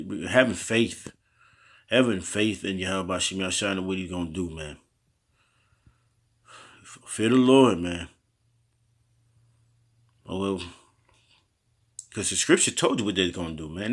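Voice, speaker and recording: A man's voice: deep voice, lively intonation, a bit bright, husky. A man teaching scripture in a loose, slangy style, reading verses aloud and breaking in with his own asides. He often stumbles and restarts over hard words. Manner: halting over word pronunciations, restarting often. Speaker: street preacher teaching scripture. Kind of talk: informal Bible teaching.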